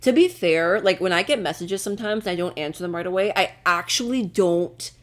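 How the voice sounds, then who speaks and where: A woman's voice: on the low side, fairly quick. A young woman co-hosting a podcast, chatting casually with lots of "like" and frequent laughter. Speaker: podcast co-host. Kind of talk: casual chat.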